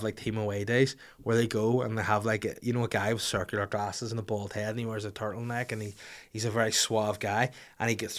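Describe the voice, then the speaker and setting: A young man holds the floor on a casual podcast. He tells a comic anecdote with lots of swearing and acts out the people in it as he goes. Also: medium pitch. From Northern Ireland. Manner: animated, profane, acts out voices in anecdotes. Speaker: podcast host. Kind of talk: comic storytelling chat.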